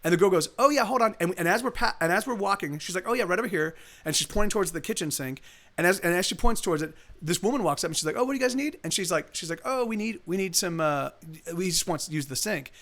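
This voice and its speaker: A man on a live stream tells a long story in a loose, rambling way, restarting his sentences and acting out what people said. He talks quickly, and his voice sits high for a man. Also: expressive, a bit bright. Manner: rambling, full of restarts and acted-out quotes. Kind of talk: casual storytelling.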